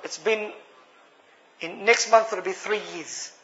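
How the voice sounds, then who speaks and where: An Australian man gives an earnest testimony of his personal story, speaking slowly in a high voice that sounds pushed and bright. He calls the gathered listeners brothers, and the recording is dull and lo-fi.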